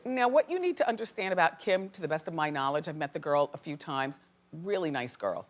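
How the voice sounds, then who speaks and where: A woman talk show host giving an animated, opinionated gossip monologue to a studio audience. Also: low-pitched, fairly quick.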